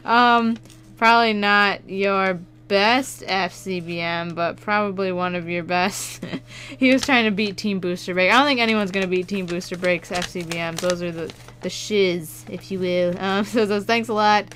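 A woman YouTuber chatting casually as she opens fan mail, excitable and quick to laugh, with bursts of shouting. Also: mid-range voice. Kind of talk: casual unboxing chat.

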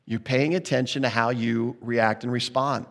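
A man's voice: mid-range voice, fairly even intonation, normal speed, vocal fry, long reverb tail. A man preaching a sermon as pastor, earnest and conversational, often restarting his sentences mid-thought.

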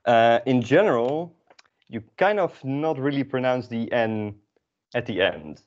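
A man teaching a beginner Dutch class, explaining in a relaxed, chatty way with many fillers. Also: mid-range voice, measured pace. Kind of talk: casual classroom lesson. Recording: dull lo-fi recording.

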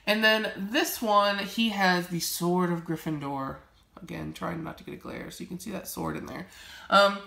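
A young woman vlogger with a gravelly, medium-pitched, slightly bright voice chats casually to camera in her home library, showing off her collection. The sound is reverberant, and she gushes and rambles with lots of filler words.

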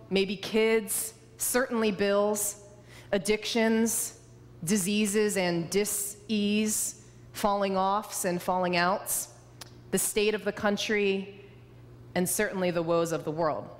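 A woman preaching as a guest speaker, telling humorous personal stories. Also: medium pitch. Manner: warm storytelling, humorous. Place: church sanctuary. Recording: reverberant church hall.

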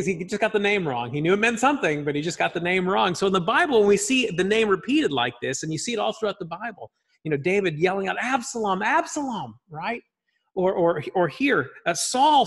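A man's voice: a little high, fairly bright tone, breathy edge. A man teaching a church Bible study class in a classroom. He speaks emphatically and keeps checking in with "right?". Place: church classroom, also streamed online.

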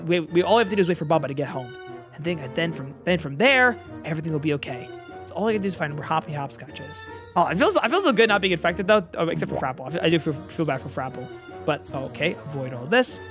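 A man's voice: sits high, fairly bright tone. A man hosting a game role-play, narrating as he plays, often repeating and restarting his words. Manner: fast, rambling, stumbles and repeats words.

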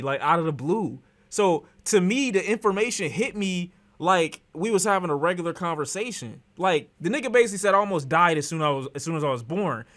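A man streaming and reacting to a clip in animated, profane casual chat, often breaking into laughter. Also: fairly high pitch.

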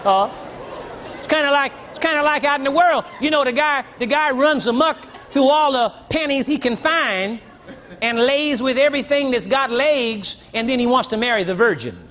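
An older man preaching a sermon to a congregation, teasing and blunt, rising to shouts and dropping low. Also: normal speed, slight background noise. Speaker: pastor. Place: church. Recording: dull lo-fi church recording, faint crowd.

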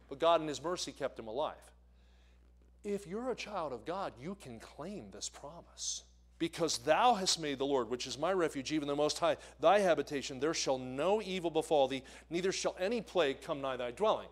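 Evangelist guy from the northeast preaching in a church, voice a little high, tells stories and quizzes the congregation. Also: lively intonation, moderate pace. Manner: storytelling, asks the congregation questions. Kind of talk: sermon. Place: church sanctuary.

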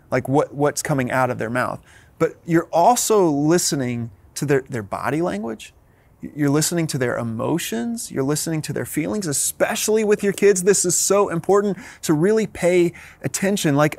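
Man pastor, thirties, earnest sermon, somewhat high voice, dry close sound. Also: dry recording. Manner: earnest, repeats words as he restarts.

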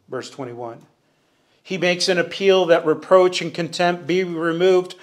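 A man's voice: on the high side, normal speed. A man teaching a verse-by-verse sermon in church, preaching earnestly, rising for emphasis and calling on the congregation to answer. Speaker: Bible teacher. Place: church sanctuary.

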